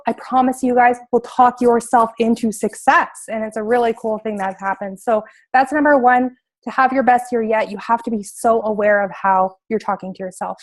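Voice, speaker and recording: A young adult woman giving a motivational team call as a coach, energetic and emphatic, repeating her key points. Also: a little high.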